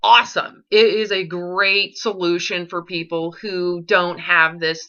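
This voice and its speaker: Woman, recovery coach: bright voice, blunt and confrontational, swears, keeps pressing questions; dull lo-fi audio. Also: on the low side, fairly even intonation, unhurried. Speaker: eating disorder recovery coach.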